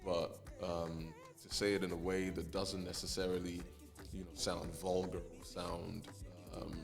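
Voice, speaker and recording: A man's voice: low-pitched, unhurried, gravelly, music in the background. A man, a musician as interview guest, talking casually and loosely with many fillers. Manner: relaxed, many fillers and "you know".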